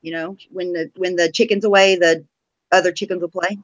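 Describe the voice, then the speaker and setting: A woman's voice: lowish voice, steady tone, brisk, rough recording. A woman co-hosting a casual live-stream chat, blunt and profane, teasing with laughter.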